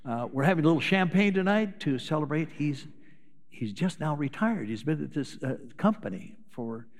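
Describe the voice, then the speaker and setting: A man's voice: on the high side, animated, normal speed, in a large hall. An older man, a retired pastor, preaching a sermon in a folksy storytelling way, sharing anecdotes. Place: church sanctuary.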